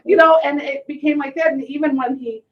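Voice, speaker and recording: A middle-aged woman hosting a casual talk show, telling stories with lively acted-out quotes. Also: high-pitched, a little fast. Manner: animated storyteller, acts out quotes. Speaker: host. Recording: distant muffled mic.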